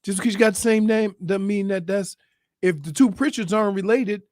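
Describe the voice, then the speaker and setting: High-pitched teasing radio co-host man. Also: brisk, darkish tone, dry recording, studio quality. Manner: teasing, needling. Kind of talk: sports talk radio banter. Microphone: studio broadcast mic.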